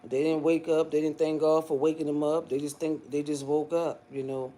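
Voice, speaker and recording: A man with a drawl hosting a casual livestream, his voice pitched a little high. He rambles along easily, padding every thought with fillers and calling his viewers pet names. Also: level tone, warm tone. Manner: chatty, drawn-out, loaded with fillers and pet names. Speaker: livestream host.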